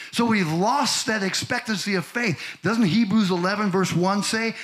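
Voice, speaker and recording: Preaching man, shouting at his peaks. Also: high-pitched, measured pace. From Missouri. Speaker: pastor. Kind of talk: sermon. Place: church in front of a congregation.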